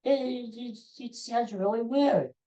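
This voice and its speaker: A woman's voice: on the high side, unhurried, warm tone, dull audio. A middle-aged woman hosting her own podcast, chatting casually and rambling through stories with restarts and asides, giving blunt sports opinions. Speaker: podcast host. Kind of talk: casual solo podcast chat.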